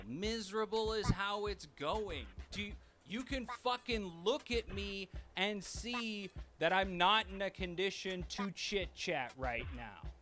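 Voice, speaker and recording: A man's voice: high-pitched, bright, forceful tone. A man doing a stand-up comedy routine, ranting in a profane, incredulous way.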